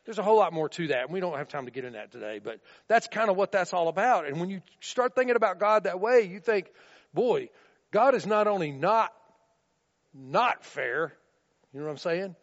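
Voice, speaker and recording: A man's voice: high-pitched, lively intonation, fast, few pauses. A man preaching a sermon in a conversational way, often checking in with listeners by asking "right?", on a dull recording with long reverb in a large room.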